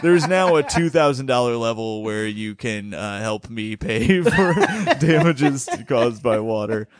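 A man's voice: mid-range voice, lively intonation, a little slow, crowd noise. A man hosting a podcast in casual chat, upset and stressed, ranting with swearing and laughing through his complaints. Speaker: podcast host.

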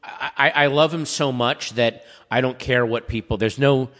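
A middle-aged man chatting casually, telling stories and acting out quotes, with a dry voice and frequent throat-clearing. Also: mid-range voice, normal speed, long reverb tail. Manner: animated storyteller, acts out quotes. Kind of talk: casual chat.

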